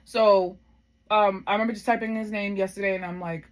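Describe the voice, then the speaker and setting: A woman's voice: medium pitch, quick pace. A woman in her thirties telling a personal story in a casual vlog. She is heartfelt and reflective, and rambles with many fillers. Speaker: vlogger.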